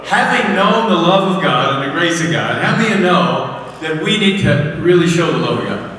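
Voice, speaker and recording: A male pastor giving a sermon, telling candid stories with self-deprecating laughs and climbing high and loud for emphasis. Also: animated, normal speed. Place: church sanctuary. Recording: echoey hall, voice from far off.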